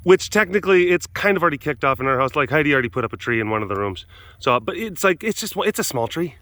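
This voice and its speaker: A man's voice: on the high side, lively intonation, fast, sharp tone, no room sound. Playful man cooing at big cats. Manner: playful, coos and baby-talks at the cats. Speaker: big cat facility keeper and show host. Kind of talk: casual chat to animals.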